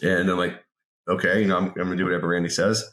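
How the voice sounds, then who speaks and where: Forties guy from the pacific northwest, lively storyteller, kinda low voice, roomy sound. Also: racing. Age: 40s. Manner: lively anecdotal telling with frequent word repeats. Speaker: podcast guest. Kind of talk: casual interview storytelling. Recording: roomy echo.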